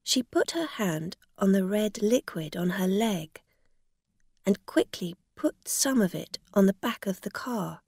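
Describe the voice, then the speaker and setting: A woman narrating a graded-reader story in a slow, careful, plain reading. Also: mid-range voice, expressive, gravelly, a little mellow, breathy edge, no room sound, studio quality.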